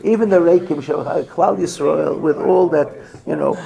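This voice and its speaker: A man's voice: on the high side, normal speed, creaky, dark tone. A man giving a Torah lecture to a group, telling stories and mixing in Hebrew and Yiddish terms. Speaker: rabbi giving a Torah class. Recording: crowd heard behind.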